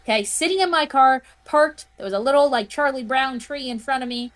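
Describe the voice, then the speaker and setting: A woman's voice: sits high, a little fast, a bit bright. A woman guest on a podcast, telling a personal story in an earnest, heartfelt way. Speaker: interview guest, healing practitioner.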